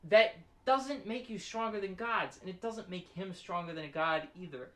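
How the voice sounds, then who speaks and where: A man's voice: high-pitched, normal speed, a bit bright. A man with a Boston accent, arguing heatedly in character during a tabletop role-play session. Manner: brash, heated, argumentative. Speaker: player.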